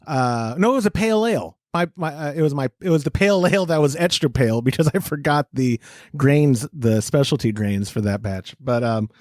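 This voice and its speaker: A man's voice: mid-range voice, fairly quick, no echo, clean studio sound. A man hosting a casual homebrewing podcast chat, joking and telling stories with energy. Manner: animated, joking storyteller. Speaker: podcast host.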